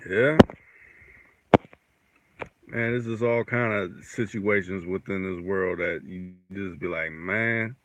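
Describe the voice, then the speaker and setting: A man's voice: sits low, slow, long pauses, fairly bright tone, no echo, low-quality recording. A man co-hosting a livestream, chatting casually and reading viewer comments aloud. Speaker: livestream co-host, reads chat.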